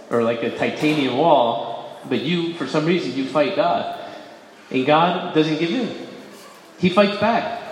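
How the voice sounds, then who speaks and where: A man's voice: a little high, a little hiss or hum. Man telling his faith story in an echoey hall. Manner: conversational, self-correcting, bursts of emphasis. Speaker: speaker giving a faith testimony. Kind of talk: personal testimony talk. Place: large echoey hall before an audience. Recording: echoey hall with long reverb.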